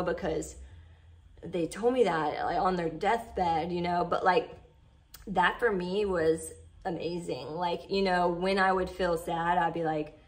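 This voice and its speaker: A woman chatting heartfelt to her followers in a casual vlog, full of "like" and "you know". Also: fairly low pitch. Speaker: vlogger.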